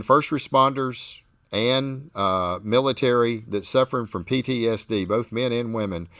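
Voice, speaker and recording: A man hosting a barbecue talk show, telling stories with animated enthusiasm. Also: mid-range voice, no echo, clean studio sound. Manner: animated, enthusiastic storytelling with frequent restarts. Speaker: podcast host. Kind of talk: casual chat.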